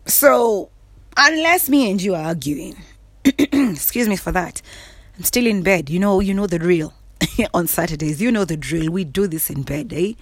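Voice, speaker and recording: A woman giving a sassy, emphatic casual monologue from her bed, often clearing her throat and laughing. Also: fairly low pitch, normal speed, dry recording. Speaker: vlogger. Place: in bed at home.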